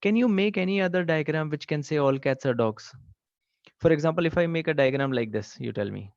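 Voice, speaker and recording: A man teaches a live online class. His voice sits a little high and swings up and down. The sound is dry and slightly dull, like a webcast mic. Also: animated, fairly quick, a little mellow, no echo. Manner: asks the class frequent questions, repeats "okay" and "right". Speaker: online exam-prep teacher.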